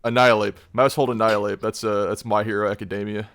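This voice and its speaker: Low voice podcast guy, slangy and teasing, dry sound. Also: level tone, fast, fairly bright tone, no echo. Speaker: podcast co-host. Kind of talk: casual chat.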